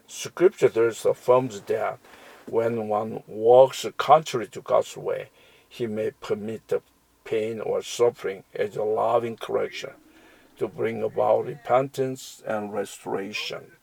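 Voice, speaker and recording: Slow, gravelly man teaching scripture. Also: on the low side, darkish tone, dry recording, poor audio. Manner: reads verses aloud, then explains them with fillers and restarts. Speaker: Bible teacher. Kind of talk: slow scripture reading and commentary.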